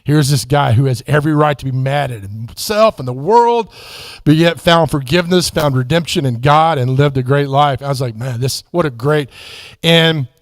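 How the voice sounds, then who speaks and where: A man's voice: fairly high pitch, moderate pace, dry recording, studio quality. A middle-aged man, telling a personal story in a conversational, rambling way at a church. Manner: conversational, many asides and restarts. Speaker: guest speaker at church. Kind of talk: storytelling testimony.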